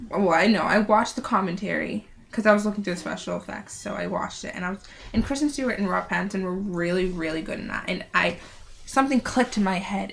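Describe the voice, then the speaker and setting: A teenage girl chatting casually into a home camera, rambling in halting bursts and often trailing off quietly. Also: mid-range voice, vocal fry, a little hiss or hum. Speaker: vlogger. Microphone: built-in camera mic.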